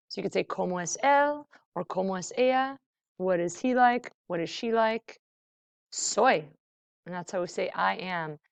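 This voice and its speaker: Slow, clear-voiced woman teaching vocabulary. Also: on the high side, no room sound. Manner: slow, deliberate word-by-word modeling with English glosses. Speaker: Spanish teacher. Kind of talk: vocabulary lesson.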